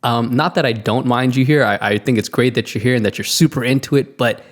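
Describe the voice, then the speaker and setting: A man's voice: mid-range voice, a little fast. A man co-hosting a podcast, telling a story in casual chat, laughing and acting out the voices of the people in it. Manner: animated, laughing, acts out quotes. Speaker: podcast co-host.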